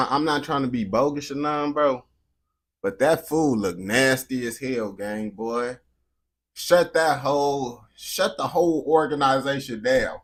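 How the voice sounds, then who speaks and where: An American man hosting a reaction video, talking in a slangy, profane, animated way. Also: on the high side. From United States. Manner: slangy, animated, swears constantly. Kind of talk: profane casual reaction commentary.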